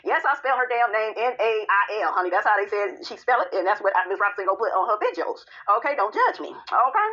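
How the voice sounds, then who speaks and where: A woman's voice: mid-range voice, sing-song, quick pace, hardly any pauses, pushed and bright, muffled recording. A woman giving a sassy, casual recap of a reality show, tossing in "honey" and "okay" all the time.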